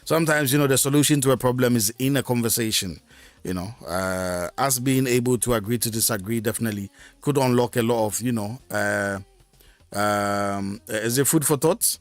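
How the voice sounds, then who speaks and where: Guy rambling on his live stream, mid-pitched voice, dry close mic, soft music underneath. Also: normal speed, dry recording. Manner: rambling, many fillers and restarts. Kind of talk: casual solo live stream talk.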